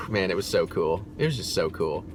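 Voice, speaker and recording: A man hosting a movie review, chatting excitedly and casually, swearing and laughing often. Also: low-pitched, unhurried, a loud crowd.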